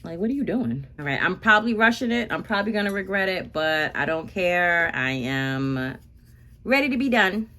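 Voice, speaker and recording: Chatty woman with a lively, bouncing voice. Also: lowish voice, normal speed. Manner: chatty, rambling, animated asides. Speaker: beauty vlogger. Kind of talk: casual chat while waxing.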